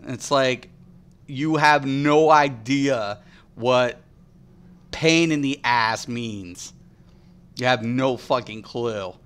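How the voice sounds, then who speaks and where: A man's voice: mid-range voice, slow, a bit bright, smooth. A man streaming a game and ranting bluntly and profanely to his chat about how raids used to work. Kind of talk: casual live-stream rant.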